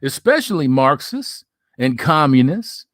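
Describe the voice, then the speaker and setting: A man's voice: mid-range voice, sing-song, measured pace, fairly bright tone, dry recording, studio quality. A middle-aged man hosting a casual livestream, reading viewer comments aloud and bantering in a loose, profane way. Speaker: livestream host.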